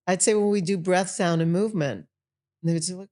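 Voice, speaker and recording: Lively older woman teacher telling stories. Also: lowish voice, brisk. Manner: animated storyteller, acts out quoted voices. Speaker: guest, tantra teacher. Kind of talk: casual podcast conversation.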